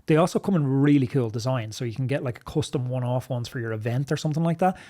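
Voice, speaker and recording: A man co-hosting a podcast, giving practical cycling gift tips in relaxed, matter-of-fact chat. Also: medium pitch, fast talker. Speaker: podcast co-host. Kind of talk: casual gift-guide chat.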